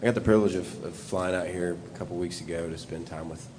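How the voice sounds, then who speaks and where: Brief: young man, very low voice, halting heartfelt eulogy, long hall reverb, faint rumble. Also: steady tone. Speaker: grandson giving a eulogy. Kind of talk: memorial eulogy.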